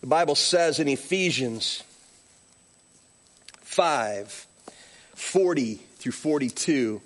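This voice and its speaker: A man's voice: on the high side, slow. A middle-aged male pastor preaching a sermon, telling stories with acted-out quotes. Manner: animated storytelling with acted-out quotes.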